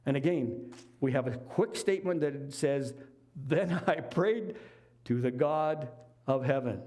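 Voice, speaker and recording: With a mellow, medium-pitched voice and an even, measured delivery, this middle-aged lay preacher retells a Bible story during his sermon. His telling is folksy and chatty, sprinkled with offhand remarks.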